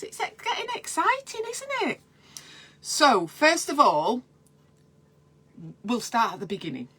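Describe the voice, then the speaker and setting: A woman's voice: a little high, sharp tone. A woman midwife, giving chatty, encouraging advice in a casual live stream and talking straight to her viewers.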